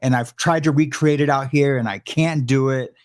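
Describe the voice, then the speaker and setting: A man's voice: mid-range voice, steady tone, moderate pace. A man casually sharing prison stories, rambling and searching for words with frequent restarts. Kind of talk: casual storytelling chat.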